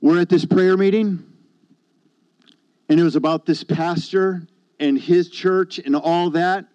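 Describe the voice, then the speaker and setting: Preacher, male, warm low-key storyteller, dry muffled recording. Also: steady tone, a little slow, no echo. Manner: storytelling, conversational, quotes others. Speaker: pastor. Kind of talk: sermon testimony.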